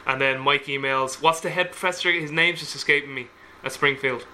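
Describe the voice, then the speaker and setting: A man hosting a podcast interview over a video call, telling animated, digressive stories in casual chat. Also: medium pitch, brisk, a little hiss or hum. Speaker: podcast host.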